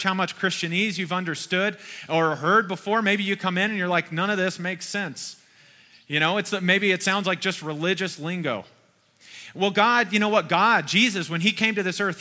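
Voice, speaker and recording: A man's voice: high voice, pushed and bright. Folksy preacher man in a reverberant hall. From Kentucky. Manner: conversational, folksy preaching with rhetorical questions. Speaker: pastor. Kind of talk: sermon.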